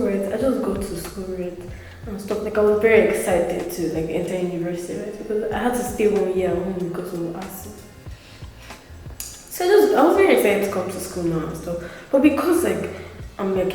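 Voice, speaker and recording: A woman's voice: on the low side, mellow. Brief: eighteen-year-old woman, chatty interview guest, heavy on fillers; recorded from a distance, roomy echo, faint music underneath. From Africa. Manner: chatty, filler-heavy, frequent "like" and "right", laughing asides. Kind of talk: casual storytelling.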